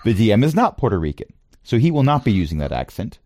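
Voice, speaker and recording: A very deep male voice runs a tabletop game as game master, his pitch swinging widely as he narrates. He is relaxed and playful, with plenty of ums and asides. The sound is dry and close. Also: fast talker, dry recording.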